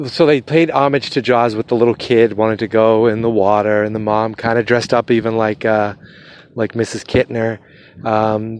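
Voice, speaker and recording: A man hosting a podcast, rambling hesitantly through a movie review while walking his dog outside in his neighborhood. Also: medium pitch. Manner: rambling, hesitant, lots of fillers and restarts. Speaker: podcast host.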